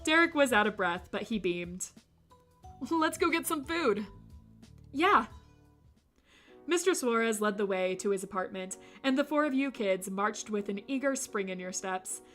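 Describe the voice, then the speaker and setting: A woman streamer reading a visual novel aloud, breaking off for animated, jokey commentary. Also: mid-range voice, unhurried, soft background music. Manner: animated, jokey asides with laughter.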